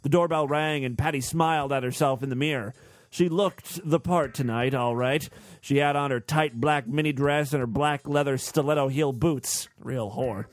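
A man hosting a comedy reading, narrating a story with sarcastic asides. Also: a little high. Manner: sarcastic, laughing at the text. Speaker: host reading stories.

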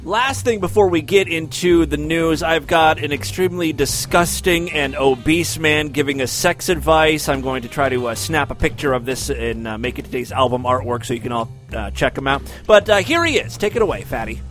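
A man's voice: fairly high pitch, moderate pace, hardly any pauses, fairly bright tone, faint music behind. A man hosting a crude comedy podcast, introducing clips with sarcastic quips. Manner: sarcastic, wisecracking. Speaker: podcast host.

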